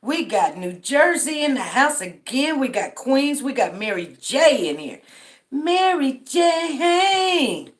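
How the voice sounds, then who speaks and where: A tired, middle-aged woman from Denver hosts a casual livestream, drawling friendly shout-outs as she greets viewers by name in a roll call. Her voice sits fairly high and has a sing-song lilt. She talks a little slowly, with hardly any pauses.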